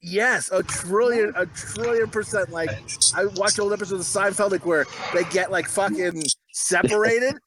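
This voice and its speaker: High-pitched guy hosting a podcast, swears nonstop, cracks himself up. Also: moderate pace, noisy background. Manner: crude, swears constantly, laughs loudly. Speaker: podcast host. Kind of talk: casual podcast chat.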